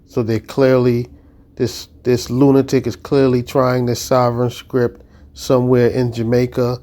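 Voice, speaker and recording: A man's voice: mid-range voice, level tone, unhurried, mellow. A man commentating on a video clip, exasperated and scornful. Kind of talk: reaction commentary.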